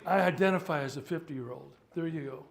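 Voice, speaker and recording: A man in his seventies, a priest, giving a loose, joking workshop talk and pausing to sort out practical matters. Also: fairly high pitch, creaky. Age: 70s. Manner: chatty, joking, stops to sort out sound. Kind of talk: informal teaching talk.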